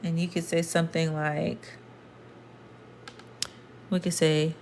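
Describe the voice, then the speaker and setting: Low-voiced woman teaching a language lesson. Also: flat delivery, slow, a little mellow, a little hiss or hum. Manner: explains patiently, repeats points, talks to the viewer. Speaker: Spanish teacher.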